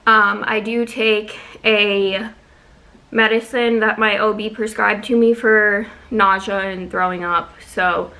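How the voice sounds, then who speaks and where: Bright-voiced young woman, breathy and chatty. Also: medium pitch, fairly even intonation, low-quality recording. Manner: chatty, fast-talking with many ums. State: slightly out of breath. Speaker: vlogger. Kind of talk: casual pregnancy update vlog. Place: at home.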